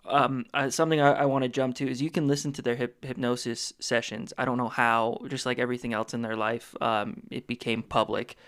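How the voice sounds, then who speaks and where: A man's voice: medium pitch, little pitch movement, fairly quick, few pauses, fairly bright tone. Easygoing man in casual podcast chat. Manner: jokey, acts out quotes. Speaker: podcast co-host. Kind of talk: casual book-club chat.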